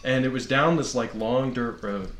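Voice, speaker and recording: Male storyteller on a podcast: animated, slangy, bright tone, echoey room. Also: medium pitch, normal speed, a little hiss or hum. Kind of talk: casual podcast chat, storytelling.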